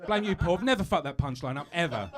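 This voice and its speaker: A man's voice: fairly high pitch, expressive, fast talker, over a noisy crowd. A British man doing a stand-up comedy set on a live stage, chatty and self-mocking, stumbling over asides.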